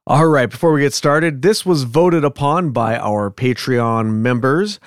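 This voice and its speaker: A man's voice: mid-range voice, a little slow, dry recording, studio quality. A man co-hosting a podcast, reading the show's announcements and then chatting loosely with his partner. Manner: reads show announcements, then chats loosely. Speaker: podcast co-host. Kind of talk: casual podcast chat.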